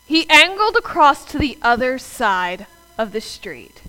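A woman's voice: high-pitched, big pitch swings, measured pace, pushed and bright, clear, resonant tone, faint music behind, rough recording. A woman preacher, preaching a sermon in a conversational way and talking straight to the congregation. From US South. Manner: conversational, addresses the congregation directly.

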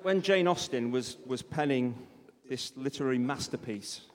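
A man's voice: medium pitch, normal speed, long reverb tail. A man co-hosting a comic live podcast, rambling and self-deprecating, often breaking into giggles as he reads aloud. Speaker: podcast co-host reading aloud.

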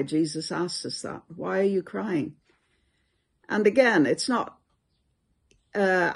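Slow, gravelly voice giving a devotional talk. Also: mid-range voice. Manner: reflective, unhurried, many hesitations. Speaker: Bible teacher.

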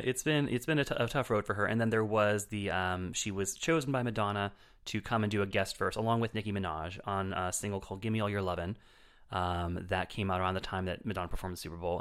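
A man's voice: fairly low pitch, fairly bright tone, smooth. A man reviewing films on a podcast in casual chat, rambling with lots of fillers and restarts.

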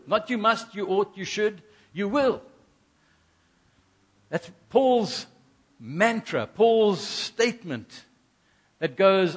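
A man's voice: sits high, lively intonation, slow. A middle-aged man from South Africa preaching a sermon, earnest, repeating key phrases and acting out little asides. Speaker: pastor.

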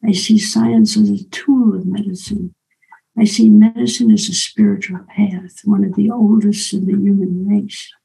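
Older woman, storyteller, dark mellow tone, gravelly, pauses with "right?" asides. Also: medium pitch, fairly even intonation, low-quality recording. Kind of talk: personal storytelling.

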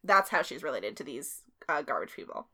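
A woman's voice: deep voice, very animated, brisk, pushed and bright. A woman co-hosting a podcast, telling a history story in a casual, chatty way, laughing often. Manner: laughs often, swears, uses filler like.

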